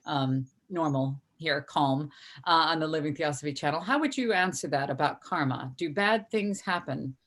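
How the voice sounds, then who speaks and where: Low-voiced woman hosting a live stream. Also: normal speed, a bit bright. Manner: earnest, chatty, reads viewer comments aloud. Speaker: host.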